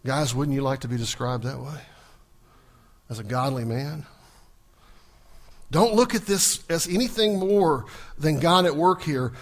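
A man's voice: fairly high pitch, a little slow, pauses often. A man preaching a sermon, asking the congregation questions and acting out the scripture dialogue. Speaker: pastor.

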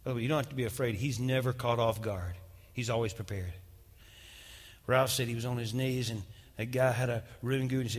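A man's voice: mid-range voice, fairly even intonation, fast. A male pastor preaching a sermon and dramatically retelling a testimony. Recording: long reverb of a large hall.

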